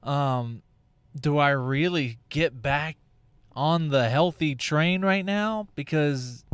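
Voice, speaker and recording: Brief: male podcast host, unhurried delivery, smooth clear tone, profane rambling comic monologue. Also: on the high side, no echo. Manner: rambling, profane, full of tangents and restarts. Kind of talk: casual comedic monologue.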